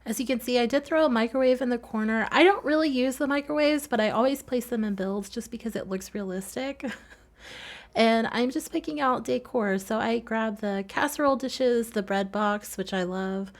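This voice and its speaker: A woman from the Southern US with a slight nasal twang, speaking softly and quickly in a casual voice-over as she walks through her build, giggling often. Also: fairly high pitch. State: recovering from a cold. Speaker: Sims builder narrating a speedbuild.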